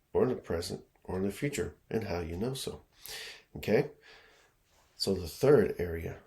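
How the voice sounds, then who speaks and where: Low, gravelly-voiced man teaching slowly. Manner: relaxed, repeats himself, lots of fillers and "okay?" checks. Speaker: education consultant. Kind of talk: casual teaching talk.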